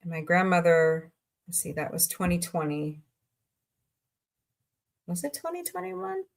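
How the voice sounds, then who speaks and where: A woman's voice: lowish voice, sing-song, measured pace, gravelly. A middle-aged woman from Southwest Missouri hosting a casual livestream, chatting and rambling as she answers messages from viewers. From Southwest Missouri, USA. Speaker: livestream host.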